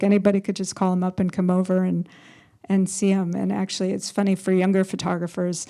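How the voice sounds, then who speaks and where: A woman's voice: medium pitch, fairly even intonation, moderate pace, vocal fry, mellow. A woman photographer telling stories as a panel guest, chatty, laughing often and acting out quotes. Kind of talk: storytelling on a panel.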